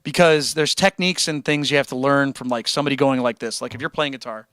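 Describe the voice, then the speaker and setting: A man hosting a livestream who chats casually with his viewers and reads out their comments. He talks in an animated, joking way and swears freely. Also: medium pitch, fast, dry recording, studio quality. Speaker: livestream host and guitarist.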